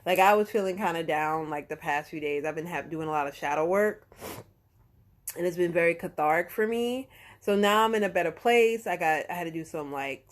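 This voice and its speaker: A woman's voice: fairly low pitch, brisk. A woman tarot reader in casual astrology talk on a live stream. She is slangy, swears now and then, corrects herself and keeps checking in with "okay?" and "right?".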